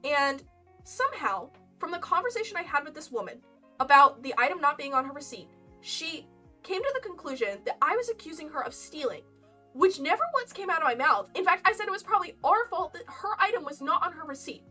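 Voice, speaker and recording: Bright high-voiced young woman telling a story. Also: a little fast. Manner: animated, laughing, dramatic voice swings when retelling. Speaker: streamer. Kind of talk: casual storytime while crocheting. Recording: faint lo-fi music behind, slightly distant mic. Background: lo-fi game music.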